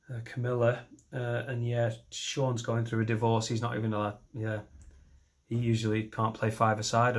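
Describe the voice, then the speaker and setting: Self-mocking man in his thirties. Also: medium pitch. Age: 30s. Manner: rambling and self-mocking, jumping into shouted voices for imagined scenes. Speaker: stand-up comedian. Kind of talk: stand-up comedy set. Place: comedy stage.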